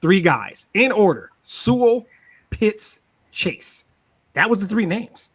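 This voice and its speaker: Animated man talking football. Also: high voice, takes it slowly, slightly rough. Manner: animated, repeats words, laughs often. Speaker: sports talk show regular. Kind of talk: casual sports podcast chat.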